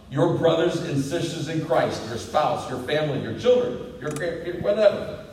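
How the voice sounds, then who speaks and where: A male pastor preaching a sermon with emphatic delivery that climbs to loud, high peaks. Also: expressive, moderate pace. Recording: echoey hall, distant mic, faint hiss.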